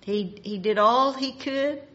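Woman preacher, slow and deliberate sermon, higher voice, muffled lo-fi recording. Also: pushed and bright. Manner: slow, measured preaching that rises for emphasis.

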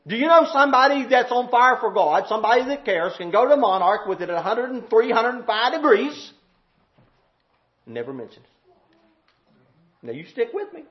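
A man preaching a sermon in a folksy, drawling way, swinging from loud shouting to low murmured prayer. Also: big pitch swings, moderate pace, pauses often, muffled recording.

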